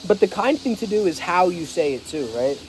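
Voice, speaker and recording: A man's voice: high voice, animated, a little fast, slight background noise. A young man telling a story in a casual vlog, slangy and full of fillers, acting out dialogue in different tones, recorded outdoors. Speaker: vlogger. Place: outdoors, rain and a passing vehicle.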